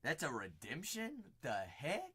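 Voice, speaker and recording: A man hosting a live card break stream, rattling off buyers' names with playful, sing-song banter and sudden loud bursts. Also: a little high, huge pitch swings, measured pace, breathy edge.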